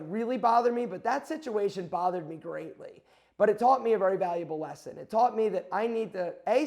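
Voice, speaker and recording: High-voiced man telling a candid story. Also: darkish tone. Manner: rambling, self-correcting, quotes himself and others. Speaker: channel host.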